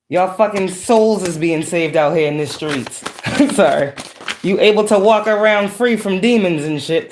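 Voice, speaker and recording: Woman tarot reader, profane, preachy, emphatic monologue. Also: fairly low pitch. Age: adult with children. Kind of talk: casual monologue.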